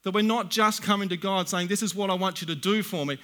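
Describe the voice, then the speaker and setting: A middle-aged man delivering a sermon in a bright, slightly higher voice. He reads scripture slowly and deliberately, then breaks into plain, conversational asides to his listeners. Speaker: preacher.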